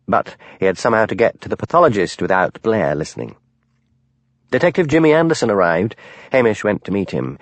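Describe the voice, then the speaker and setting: A man narrating a mystery audiobook in a measured, expressive storytelling manner. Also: fairly low pitch, no room sound.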